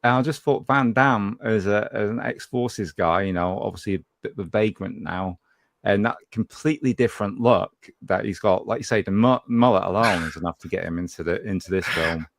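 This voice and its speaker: A man's voice: on the low side, brisk, gravelly, no room sound, clean studio sound. A man chatting casually as a podcast co-host, reflecting fondly on action films. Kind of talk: casual chat.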